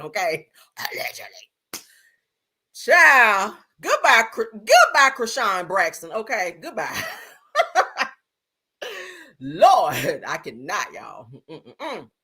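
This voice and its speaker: A woman hosting a live stream, chatting casually and loudly, laughing often and throwing slangy asides to her viewers. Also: medium pitch. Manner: loud, laughing, animated gossip with slangy asides.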